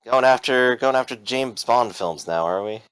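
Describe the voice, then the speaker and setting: A man's voice: medium pitch, moderate pace, fairly bright tone, smooth, no room sound, lightly acted, rough recording. A man doing a nervous, cocky young thug.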